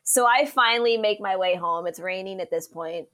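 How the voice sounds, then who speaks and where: A lively woman guest recounting stories from her life on a podcast. She talks casually, laughs through her anecdotes and acts out the voices of the people she quotes. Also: mid-range voice, normal speed. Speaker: meteorologist guest. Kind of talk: casual storytelling interview.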